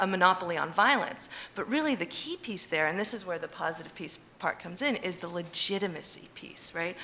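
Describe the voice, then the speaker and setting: A woman's voice: on the low side, bright, forceful tone, slight background noise. A woman speaking on an academic conference panel, thoughtful, with many restarts and "right?" checks. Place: conference hall.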